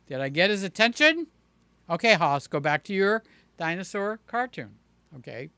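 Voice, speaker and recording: A man's pushed, bright voice, full of lively intonation, drives a casual livestream where he reads viewer comments and responds by name, slowly and chattily with a playful edge. He occasionally uses a high playful voice for a child. The tone is clean, with no room sound.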